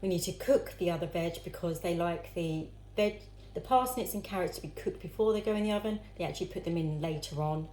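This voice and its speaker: A woman's voice: on the low side, fairly quick, few pauses, dark tone, a little hiss or hum. A woman vlogging as she cooks at home, chatting casually to herself and her viewers while she chops vegetables. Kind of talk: casual cooking vlog. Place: home kitchen. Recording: echoey kitchen with clattering pans.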